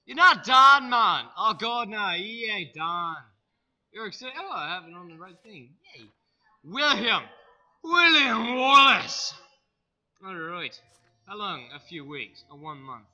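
A young man with an Australian accent narrating a video game in loud, rowdy bursts, cursing as he goes. His voice sits high and comes across sharp and piercingly bright. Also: muffled recording. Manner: loud, excitable, swears a lot. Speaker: gaming YouTuber. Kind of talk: let's play commentary.

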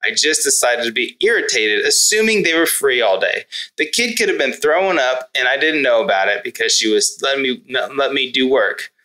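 Reflective male guest, crisp bright tone, thinks aloud with rhetorical questions. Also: mid-range voice, expressive, moderate pace, rough recording. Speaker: parenting guest. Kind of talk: conversational podcast talk.

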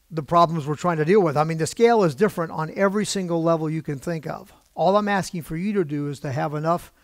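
A man's voice: fairly high pitch, dry recording, clean studio sound. A man preaching a sermon from a church pulpit, talking conversationally with his congregation, asking them questions and getting emotionally worked up. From United States. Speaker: pastor.

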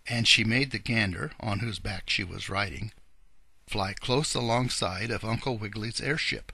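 A man reading a children's storybook aloud in an expressive, animated way. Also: on the low side, moderate pace, gravelly, slightly rough, no room sound. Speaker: audiobook reader. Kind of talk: scripted narration of a children's story.

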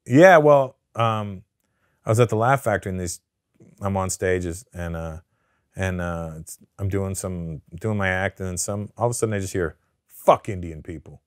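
A man from Canada, a comedian guest telling stories in a casual, profane and animated way. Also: sits low, normal speed, clean tone, no room sound, clean studio sound. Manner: profane, animated storyteller who acts out the people in his story. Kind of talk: casual storytelling interview.

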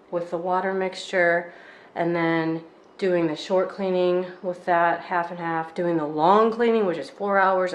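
A woman vlogger chatting casually and wryly from her home kitchen about her errands and chores. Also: fairly low pitch. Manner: chatty, wry and exasperated. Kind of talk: casual vlog chat.

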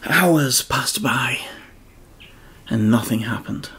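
A man telling a Bible story to children in an expressive storyteller's manner, now and then speaking straight to the kids. His voice has a gravelly, husky grain at a middle pitch. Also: takes it slowly. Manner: expressive, addresses children directly.

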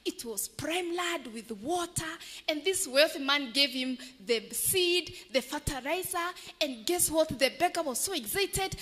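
A woman tells a children's story in a lively way, stopping to ask the children questions. Her voice is high and bright. A long church reverb trails after each phrase. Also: slow pace. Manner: animated, asks the children questions. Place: large church. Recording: echoey church hall.

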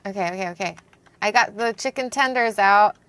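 A young woman co-hosting a stream, chatting casually while playing a chaotic cooking game. She is giggly and flustered, and talks in quick bursts. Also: mid-range voice, a bit bright. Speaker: co-host streamer. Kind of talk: casual gameplay chat.

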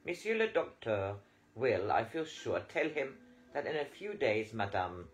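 A man's voice: medium pitch, sing-song, a little slow, slight background noise. A man voicing a kindly female French maid who speaks in a soothing way.

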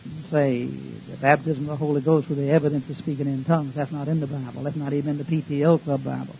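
Fiery folksy preacher, lo-fi recording. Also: male voice, fairly high pitch, little pitch movement, quick pace, gravelly. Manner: folksy, emphatic preaching with rhetorical questions. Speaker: pastor. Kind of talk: sermon. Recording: dull lo-fi recording with faint hiss.

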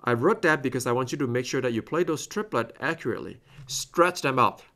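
A man's voice: mid-range voice, animated, fairly quick, bright, forceful tone. A man teaching clarinet in a masterclass, explaining phrasing step by step and singing passages on scat syllables. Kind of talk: recorded masterclass instruction.

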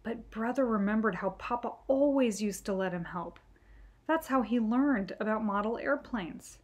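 A woman reading a children's picture book aloud in a gentle, clear storytelling manner. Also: on the high side, moderate pace. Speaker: storytime reader.

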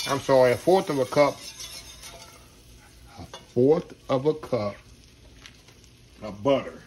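A man's voice: mid-range voice, lively intonation, slow, darkish tone, slight background noise. A middle-aged man hosts a casual cooking demonstration, talking in a folksy, rambling way and calling viewers y'all. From Texas. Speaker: home cook host.

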